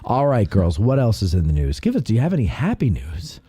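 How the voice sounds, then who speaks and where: A man's voice: lowish voice, brisk, slightly rough, no room sound, clean studio sound. A man hosting a casual podcast, reading local news aloud with playful asides and jokes. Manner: jokey, animated, reads aloud with playful asides. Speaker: podcast host.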